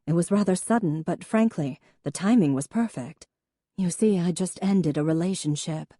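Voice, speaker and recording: A woman's voice: lowish voice, normal speed, mellow, dry recording, studio quality, lightly acted. A woman voicing a poised, formal elder sister with a refined, precise manner.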